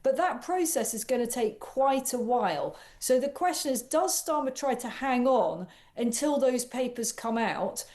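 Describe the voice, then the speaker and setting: A woman's voice: a little high, expressive, a little slow, few pauses, a little mellow. A woman with a British accent giving confident, analytical political commentary as a guest on a radio talk show.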